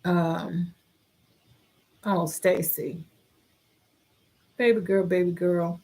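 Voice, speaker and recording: A woman's voice: lowish voice, steady tone, drawn-out words, dark tone. A middle-aged woman hosting a casual live-stream chat, reading viewer comments aloud in a heartfelt, caring way.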